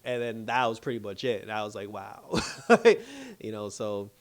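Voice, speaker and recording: A man's voice: lowish voice, steady tone, normal speed. A man giving a casual, slangy recap of a TV episode as a reviewer, full of "like" and "you know" and laughing often. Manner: loose, chatty retelling full of "like" and "you know". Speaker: TV show reviewer.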